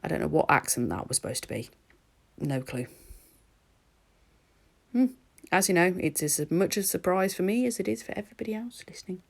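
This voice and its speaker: A woman's voice: lowish voice, normal speed, vocal fry, long pauses. A woman narrating her nail art in a chatty, rambling voice-over recorded at home. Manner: chatty and rambling, with laughs and ums.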